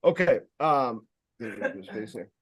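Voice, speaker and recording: A man giving a casual sales training talk, speaking loudly and emphatically, with rambling jokey asides and plenty of fillers. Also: fairly low pitch, expressive, normal speed, breathy edge. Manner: loud, emphatic, projecting voice.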